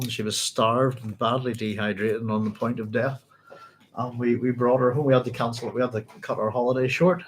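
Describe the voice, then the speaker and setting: A man's voice: mid-range voice, a little hiss or hum. Chatty man hosting a book club. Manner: chatty, rambling, laughs easily. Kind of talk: casual live-stream book discussion. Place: home.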